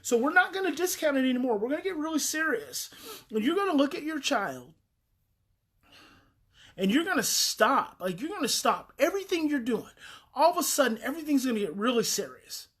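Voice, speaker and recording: A woman's voice: high-pitched, sing-song, a little fast, a bit bright. A woman talking earnestly and emphatically as a parenting advice host, repeating key phrases for weight.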